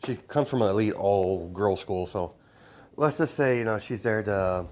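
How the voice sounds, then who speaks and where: A man improvising a fan story out loud in a rambling way, filling his sentences with hesitations and fillers. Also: fairly low pitch, normal speed. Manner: rambling, full of "you know" fillers.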